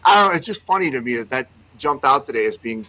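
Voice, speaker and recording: Bright-voiced amused man chatting. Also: mid-range voice, expressive, fast talker, poor audio. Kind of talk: casual radio banter.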